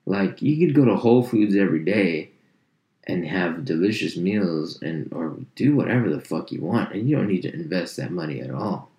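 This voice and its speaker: Low-voiced man on a profane comic rant. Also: moderate pace, echoey room. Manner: animated, swears constantly, jumps into high mock voices.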